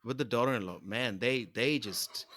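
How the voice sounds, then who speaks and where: Guy co-hosting a podcast from home, bright forceful voice, rambly and giggly. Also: mid-range voice, normal speed. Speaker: podcast co-host. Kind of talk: casual comedy chat. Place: home, remote call.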